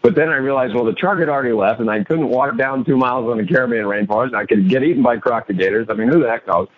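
A man's voice: medium pitch, quick pace, narrow, tinny audio. A man telling a story on an interview show and acting out his own lines, a coach and author as guest.

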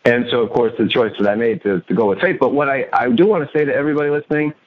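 A man's voice: mid-range voice, rapid-fire, narrow, tinny audio. A man telling a story on an interview show and acting out his own lines, a coach and author as guest.

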